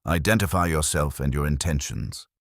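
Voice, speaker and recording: A man's voice: rumbling low, normal speed, fairly bright tone, no echo, clean studio sound, exaggerated voice. A man voicing a stern Second World War submarine captain who speaks in clipped, commanding orders in a scripted horror story. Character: stern WWII submarine captain, steady under pressure.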